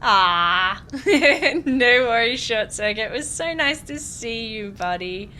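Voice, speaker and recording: A woman's voice: fairly high pitch, animated, slow pace, bright, forceful tone, slight background noise. A young Australian woman, a game streamer chatting bubbly and giggly with viewers as she plays. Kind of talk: casual let's-play chat.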